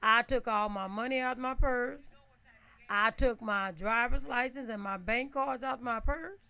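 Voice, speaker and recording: A woman tells a story in a relaxed, chatty way, laughing often and checking in with her listeners. Her voice sits high with a gravelly edge. Her tone is bright and sharp. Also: measured pace. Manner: animated, laughs often, asks listeners "right?"; acts out her own shouts and quotes. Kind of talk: casual storytelling.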